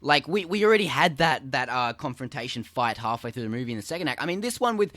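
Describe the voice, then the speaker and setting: A man co-hosting a casual film review podcast, excitable and full of quick restarts. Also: medium pitch, no room sound. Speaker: podcast co-host.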